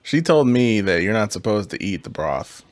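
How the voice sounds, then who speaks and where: A man's voice: fairly low pitch, very animated, moderate pace, no room sound. A man co-hosting a podcast with blunt, joking banter full of slang and swearing. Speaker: podcast co-host. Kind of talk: casual chat.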